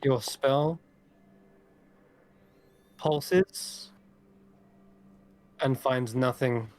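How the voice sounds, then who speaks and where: A man narrating as game master in a tabletop role-playing game, describing scenes slowly with small restarts. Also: mid-range voice, darkish tone.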